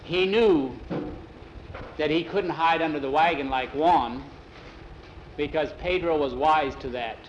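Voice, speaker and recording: A man's voice: a little high, a little slow, pauses often. A man telling a story aloud in a folksy, conversational way, giving the characters their own voices. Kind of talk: oral storytelling with voiced dialogue. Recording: dull lo-fi recording with faint vehicle noise.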